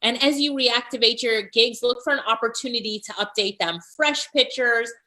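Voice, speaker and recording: A woman's voice: a little high, moderate pace, pushed and bright, poor audio. A woman hosting a live stream, coaching freelancers and reading out viewer comments in an upbeat, encouraging way.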